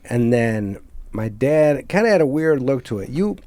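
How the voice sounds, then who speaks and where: A man's voice: mid-range voice, sing-song, normal speed, mellow, no room sound. Guy hosting a podcast, loose and rambly, mid voice, dry room. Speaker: podcast host. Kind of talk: casual podcast chat.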